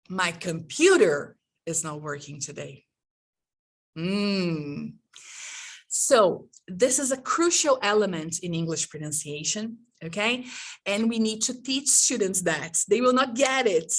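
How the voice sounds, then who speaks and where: Slow-paced woman leading a teaching workshop. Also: on the high side, fairly bright tone. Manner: engaging, checks in with frequent "okay?" and "right?". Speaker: teacher trainer. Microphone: video call.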